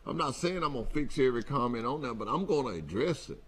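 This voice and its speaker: A man's voice: medium pitch, animated, fast talker, fairly bright tone, slightly rough. A man hosting a company show, talking in a folksy, repetitive, emphatic way to his truck drivers. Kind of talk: casual address to drivers.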